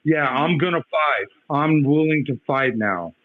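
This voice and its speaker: A man's voice: on the high side, animated, a little slow, no echo. A man, a father of a missing child, ranting in heated, profane bursts on a live stream. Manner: heated, profane, repeating himself. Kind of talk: angry live-stream rant. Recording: dull lo-fi stream audio.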